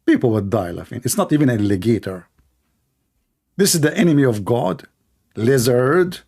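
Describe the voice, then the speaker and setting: A man's voice: medium pitch, sing-song, moderate pace, vocal fry, a little mellow, husky. A man hosting a confrontational call-in debate, speaking in a sarcastic, taunting way. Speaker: debate show host.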